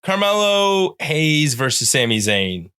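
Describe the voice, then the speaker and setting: A man's voice: a little high, sing-song, slow, sharp tone, clear, resonant tone. A middle-aged man from Canada hosting a casual podcast, rambling through show plugs and teasing his guest. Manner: rambling plugs, playful sound-effect buzzers. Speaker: podcast host.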